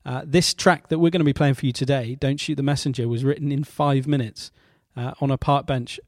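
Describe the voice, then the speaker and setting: Halting man hosting a show. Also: mid-range voice, steady tone, no echo, studio quality. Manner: halting, many fillers and restarts, wry asides. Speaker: radio show host. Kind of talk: casual show presenting.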